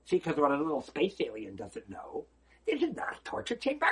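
A man teaching a lesson through a story, talking in an animated, stammering way with frequent repeats. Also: on the high side, fairly quick, breathy edge.

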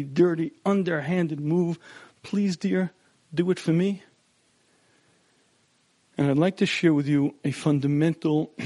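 Man, middle-aged, marriage seminar lecture, slightly high voice, clears throat often, storytelling, dry close sound. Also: a little mellow, dry recording. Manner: storytelling, acts out quotes. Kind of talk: lecture to couples.

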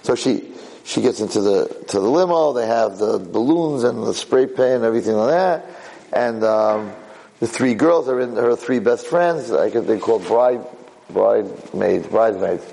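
A man tells a story in a lecture, animated and repetitive, jumping far up in pitch to stress moments. His usual voice sits low with a gravelly edge. He circles back on phrases as he goes. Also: normal speed. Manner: animated, leaps high in pitch for emphasis. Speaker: Jewish lecturer.

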